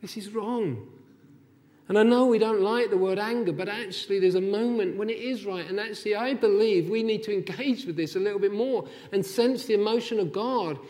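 A man delivers a sermon in a high-pitched voice. He is impassioned, swelling to forceful, near-shouted peaks. His words carry a long reverb from a large hall. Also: fairly quick, hardly any pauses. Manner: impassioned, rising to near-shouts when voicing God's anger. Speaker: preacher.

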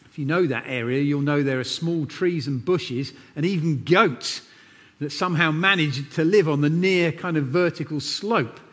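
A man's voice: a little high, normal speed, a bit bright. A man preaching a sermon in a church, telling a story in an earnest, conversational way. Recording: long church reverb.

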